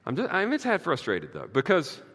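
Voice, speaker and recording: Emphatic male preacher, bright voice with lively pitch, casual asides, long hall reverb. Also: fairly quick. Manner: emphatic, swings from quiet to loud. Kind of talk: sermon.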